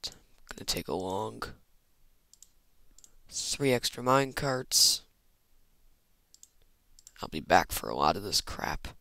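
A man's voice: fairly low pitch, big pitch swings, takes it slowly, creaky, long pauses, pushed and bright, no room sound. A man giving rambling, self-mocking commentary while playing a game, muttering asides to himself. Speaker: Minecraft let's player. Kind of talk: casual gameplay commentary.

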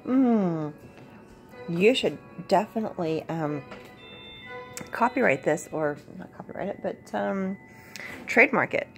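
A middle-aged woman plays along at a pretend tea party as a mother, gushing over every sip with mock-formal politeness. Her voice has a gravelly, creaky edge. Music plays clearly behind her. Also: on the low side, lively intonation, unhurried, long pauses, fairly bright tone. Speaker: mother playing with her child.

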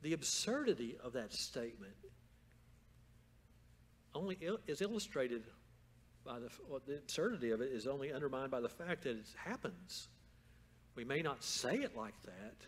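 A man preaching a sermon as pastor in a church, moving from calm storytelling to loud, fervent exhortation. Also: mid-range voice, normal speed, pauses often. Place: church sanctuary.

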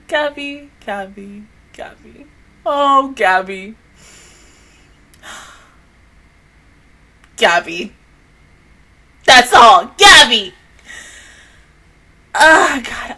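A woman's voice: mid-range voice, sharp tone. A young woman reacting to an anime episode on her channel, exasperated and swearing, sighing and trailing off between broken sentences. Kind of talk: emotional reaction vlog.

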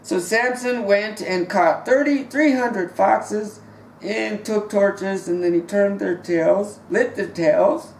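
Slow, dramatic preacher man, echoey hall. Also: high voice, creaky, slight background noise. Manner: dramatic, swings between loud outbursts and quiet asides; acts out biblical characters in voice. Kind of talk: sermon. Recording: roomy echo, distant mic.

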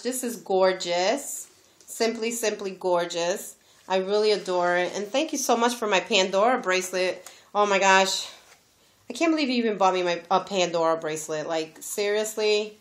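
Gushing woman, unhurried delivery, casual unboxing vlog. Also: mid-range voice. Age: adult, has a daughter. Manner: gushing, exclaims often. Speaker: crafting vlogger opening a gift.

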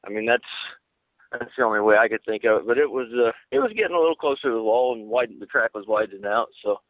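A man who drives race cars, answering interview questions in a halting, plain-spoken way. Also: medium pitch, lively intonation, no echo. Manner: halting, many fillers and restarts, plain-spoken. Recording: tinny phone-like line.

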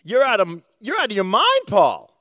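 An exasperated Roman governor shouts in a raised, strained voice, as a preacher acts him out. The delivery is loud and pitched well above his usual talk, in a dry room sound. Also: huge pitch swings, normal speed, no room sound, heavily acted.

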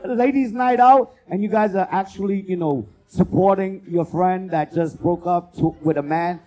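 A man doing a loud, profane stand-up comedy set as host, working the crowd and acting out bits. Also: high voice. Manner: loud, profane, animated crowd work with acted-out voices.

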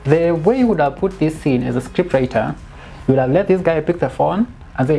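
A woman giving a casual, animated film critique, dropping in bits of Swahili slang and sounding exasperated. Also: low-pitched, fast talker, faint music behind. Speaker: film reviewer.

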